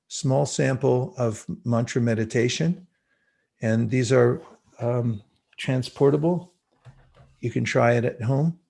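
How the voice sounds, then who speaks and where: A man's medium-pitched, gravelly voice with a darkish tone leads a spiritual class over video call. He reflects as he speaks and chants mantras slowly so listeners can repeat after him.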